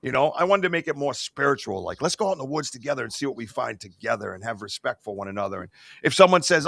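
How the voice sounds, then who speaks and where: Excitable man with a bright, dry voice. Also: mid-range voice, quick pace, vocal fry, no echo. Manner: excitable, rambling, lots of fillers. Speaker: podcast host. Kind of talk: casual podcast chat.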